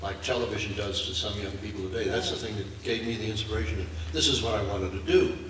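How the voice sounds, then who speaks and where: A man's voice: on the low side, background noise. Older man telling stories, echoey hall. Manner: measured anecdotal storytelling. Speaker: voice actor panelist. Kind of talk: convention panel storytelling. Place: large convention hall. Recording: echoey hall recording from far off.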